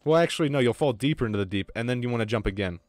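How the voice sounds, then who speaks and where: A young man streaming an online game with viewers, chatting casually, swearing freely and getting excited. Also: on the low side, racing, dry recording. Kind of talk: casual gaming chat.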